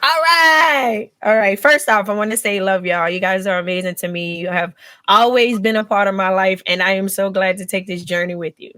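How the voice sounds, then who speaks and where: A woman's voice: mid-range voice, normal speed, bright, forceful tone, no room sound, studio quality. A young adult woman hosting a casual live podcast, upbeat and teasing, laughing often. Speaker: podcast host.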